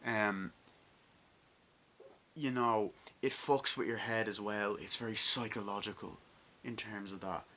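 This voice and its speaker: A man giving a casual, rambling movie review, full of excitement, swearing and fillers. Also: fairly low pitch, unhurried, long pauses. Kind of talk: casual spoken film review.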